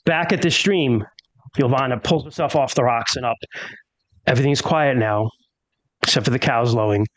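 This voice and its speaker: A man's voice: mid-range voice, normal speed, long pauses, no room sound, rough recording. A man narrating a tabletop game as game master, telling the scene with drama. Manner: dramatic storytelling with character voices.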